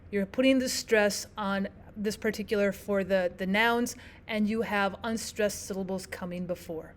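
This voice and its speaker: A woman explaining poetic meter in a lesson, walking through examples and slowing down to read lines of verse aloud. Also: mid-range voice. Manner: clear, measured teaching delivery, slows to read verse aloud. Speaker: teacher. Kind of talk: explaining poetry lesson over slides.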